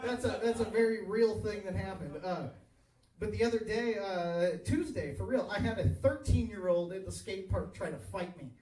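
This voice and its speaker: A man's voice: sits high, moderate pace, mellow. Crude self-mocking man doing stand-up. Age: 30s. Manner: crude, self-mocking, chuckles at own jokes. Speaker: stand-up comedian. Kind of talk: stand-up comedy set. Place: small tavern stage, live audience. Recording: echoey bar, voice from far off.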